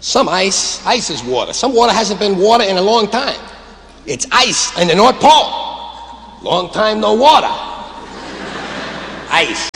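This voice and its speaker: A man's voice: sits high, big pitch swings, measured pace, long pauses, a bit bright, a little hiss or hum. A man doing rambling, absurd stand-up comedy with swooping delivery. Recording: reverberant hall.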